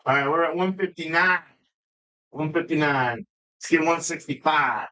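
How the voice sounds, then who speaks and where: A man chats loosely through a live home-brewing stream in a voice pitched a bit above the usual male range. He rambles from story to story and swears freely, breaking into laughs along the way. He talks from his own brewing space at home. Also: normal speed, pushed and bright. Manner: rambling, profane, laughs often. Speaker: homebrewing live-stream host. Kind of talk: casual live-stream chat. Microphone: streaming setup.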